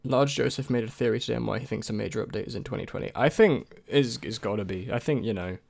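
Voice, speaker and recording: A man's voice: medium pitch, quick pace, creaky, no echo. A young man and YouTube creator in casual chat, answering viewer questions in a rambling, hesitant way with many restarts.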